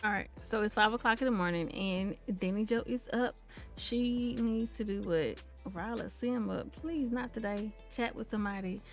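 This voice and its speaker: A woman's voice: mid-range voice, moderate pace, faint music behind. A woman giving casual, playful commentary on a life-simulation game, chatting to her viewers and to the characters on screen. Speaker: gameplay commentator.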